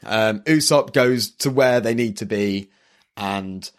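A man hosting a casual podcast chat, recapping a manga animatedly and often laughing. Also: slow. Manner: animated, laughing, acts out characters in higher voices. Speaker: podcast host.

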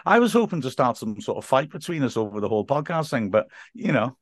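A man's voice: mid-range voice, sing-song, fast talker, dry recording, studio quality. A man, a football commentator chatting as a podcast guest and telling stories with many restarts. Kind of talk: casual podcast chat.

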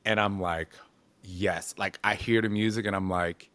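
A man in his forties telling stories in a casual interview, animated and expressive, peppering his speech with "like" and the odd swear word. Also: fairly low pitch, normal speed. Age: 40s.

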